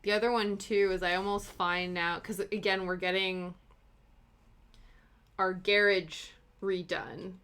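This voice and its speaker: This is a young woman with a British accent worn soft by long years in Canada. She is hosting a relaxed cross-stitch live stream. Her voice is bright and sunny, and her talk is rambling and chatty, full of fillers and quick laughs. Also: mid-range voice, clear, resonant tone. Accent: British, softened by long years in Canada. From Britain.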